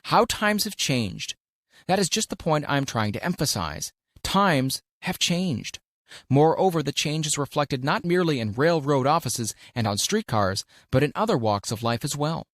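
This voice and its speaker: A man reading an audiobook aloud in a measured, deliberate way, leaning hard on key words. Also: on the high side, animated, dry recording, studio quality. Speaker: audiobook narrator. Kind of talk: scripted audiobook narration of a self-help classic.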